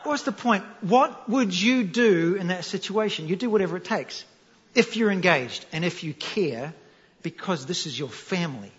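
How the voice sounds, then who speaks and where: A New Zealand man with a high-pitched voice and a New Zealand accent preaches a sermon as a pastor at a normal speed. He is animated and jokey, telling stories and asking the audience questions. The recording has an echoey hall sound and is dull and lo-fi.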